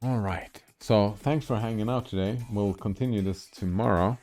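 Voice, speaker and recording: A man who reads a philosophy text aloud slowly and haltingly, adding small comments of his own, sounding tired. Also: fairly low pitch, darkish tone, soft background music. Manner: slow, halting reading with comments in between. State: tired, yawning. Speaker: streamer reading philosophy aloud. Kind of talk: reading a text aloud with asides.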